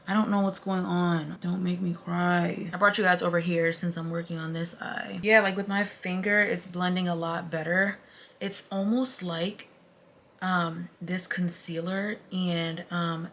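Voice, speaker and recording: A young woman with a slightly low voice talks casually through her makeup routine, chatty and expressive as she speaks straight to her viewers. A faint hum of room noise sits behind her. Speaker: beauty vlogger. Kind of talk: casual makeup vlog chat.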